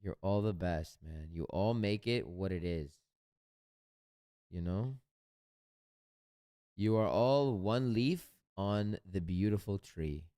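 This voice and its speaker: A man's voice: low-pitched, slow pace, long pauses, dark tone, no echo. A man hosting a live stream, chatting casually and bluntly with his viewers and swearing freely. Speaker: live-stream trading host.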